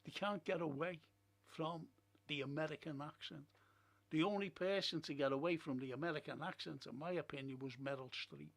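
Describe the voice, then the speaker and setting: A man's voice: fairly high pitch, a little fast, gravelly. A man hosting a film and TV review stream, telling stories and giving blunt opinions in casual chat. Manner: chatty storyteller, blunt opinions. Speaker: host of a film and TV review show. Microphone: streaming setup.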